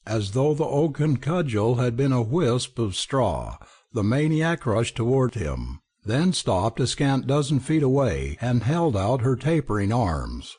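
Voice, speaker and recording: A man narrating an audiobook in a measured, expressive way. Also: medium pitch, husky. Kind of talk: scripted narration.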